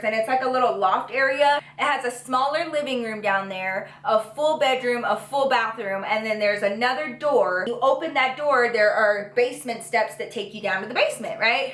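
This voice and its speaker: A young woman with a high, bright voice tells a storytime to her viewers. She is animated and profane and acts out every twist dramatically. The room around her sounds echoey. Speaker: vlogger. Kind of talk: storytime vlog.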